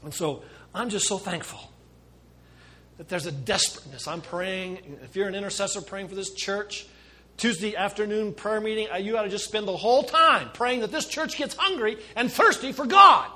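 A middle-aged man preaching a sermon as pastor, impassioned, with sudden shifts between soft asides and loud emphasis. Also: high-pitched, normal speed, slight background noise.

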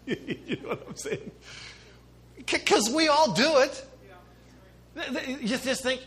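A middle-aged man preaching a sermon as pastor, impassioned, with sudden shifts between soft asides and loud emphasis. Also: very high-pitched, very animated, a little slow, pauses often.

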